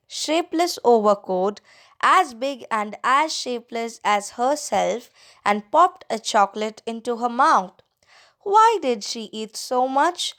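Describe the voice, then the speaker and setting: Woman, audiobook narrator, unhurried pace, dramatic first-person storytelling. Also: a little high, fairly bright tone. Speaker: audiobook reader. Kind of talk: scripted narration.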